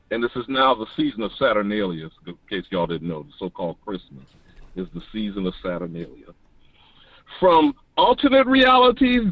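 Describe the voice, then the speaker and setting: A man calling in to an online talk show, delivering an animated, preachy monologue that rises to emphatic declarations. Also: sits high, no echo. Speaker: caller. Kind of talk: passionate call-in monologue. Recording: dull lo-fi dry call-in audio.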